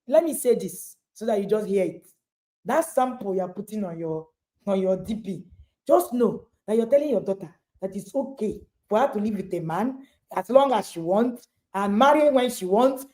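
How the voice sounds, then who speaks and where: A woman's voice: mid-range voice, warm tone. A middle-aged woman with a Nigerian accent giving an emphatic motivational talk to parents, repeating points for stress and addressing listeners directly. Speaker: parenting speaker and author.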